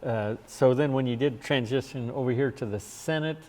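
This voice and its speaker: A man interviewing a former legislator for an oral history, asking gentle follow-up questions. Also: mid-range voice, moderate pace, long reverb tail.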